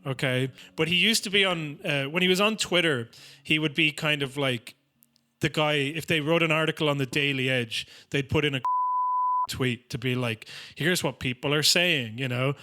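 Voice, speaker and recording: A man's voice: a little high, normal speed, pushed and bright. An Irish man on a podcast, ranting and swearing in a casual comedic way. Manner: sweary, ranting, slips into mocking quote voices. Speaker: podcast co-host.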